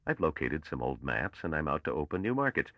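A man voicing a brash, suspicious young male space trader with a sharp, probing manner. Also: very deep voice, very animated, a little fast, no echo, muffled recording, exaggerated voice. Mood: pushy.

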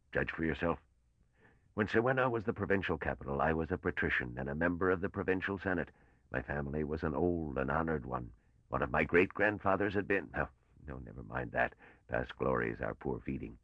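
An older man's voice, played by a man, as a bitter and weary old patrician who speaks slowly. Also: extremely low pitch, lively intonation, dry recording, lo-fi sound, full character voice.

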